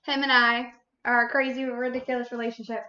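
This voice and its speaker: A woman's voice: on the high side, little pitch movement, fairly quick, sharp tone, dull audio. A woman hosting a baking livestream, chatting casually with sassy, playful teasing and casual swearing. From United States. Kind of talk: casual chat while baking.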